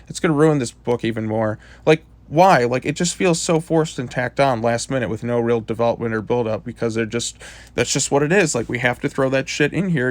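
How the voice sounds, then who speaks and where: A man's voice: medium pitch, no echo. Frustrated man ranting a comic review. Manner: frustrated, swears often, many "like" fillers.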